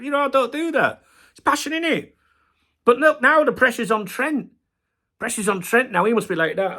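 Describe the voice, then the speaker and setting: A man's voice: sits high, animated, brisk, gravelly, pushed and bright, breathy edge. Middle-aged guy ranting hard, lots of swearing, voice goes up and down all over. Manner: passionate, swears heavily, ranting. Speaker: football channel host. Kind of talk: casual video rant.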